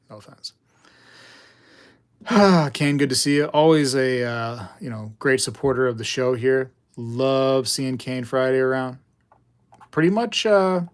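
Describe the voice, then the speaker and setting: A man hosting a coin livestream, rambling and joking with viewers in casual chat. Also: mid-range voice. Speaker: coin channel host.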